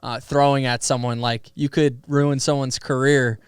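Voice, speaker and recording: A young man chats as a podcast guest, telling stories in an animated, loose way with lots of fillers and quick laughs. His voice is smooth and clear at a middle pitch. The close studio mic keeps it dry. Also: no room sound. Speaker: podcast guest, pro athlete. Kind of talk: casual storytelling conversation.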